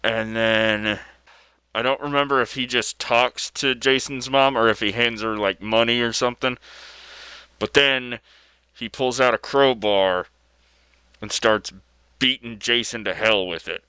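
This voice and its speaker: Slow, bright-voiced laid-back man. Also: mid-range voice, steady tone, smooth, no echo. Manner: laid-back, loose with fillers and mild slang. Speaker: video host. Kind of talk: casual retelling of a story.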